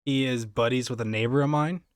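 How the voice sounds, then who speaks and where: A man's voice: medium pitch, a little fast, clear, resonant tone. A man hosting a casual podcast, joking and swearing casually. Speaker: podcast host.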